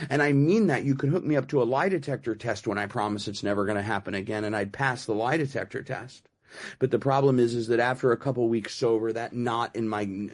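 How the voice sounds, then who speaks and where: A middle-aged man gives a personal recovery share. He talks casually, with lots of "you know" and restarts. His humor is dry and self-mocking. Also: mid-range voice. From United States. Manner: conversational, many fillers and repeats. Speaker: recovery meeting speaker.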